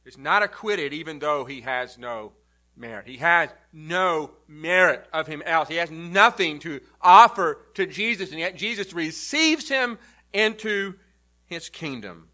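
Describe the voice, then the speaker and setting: A male pastor preaching a sermon, emphatic, rising loud and then dropping to a low, quiet delivery. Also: expressive, a little slow.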